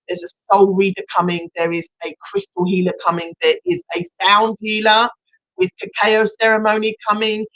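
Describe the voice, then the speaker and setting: A middle-aged woman, a hypnotherapist, chatting casually on a live stream and bursting into excited shouts as she hosts a prize draw. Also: mid-range voice, no room sound, low-quality recording.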